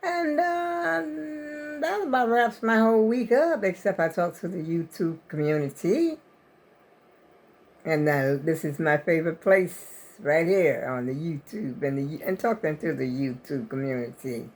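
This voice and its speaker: A woman's voice: low voice, lively intonation, unhurried, a little mellow. An older woman vlogger, rambling in casual chat to her viewers. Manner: rambling, chatty, talks to viewers as y'all.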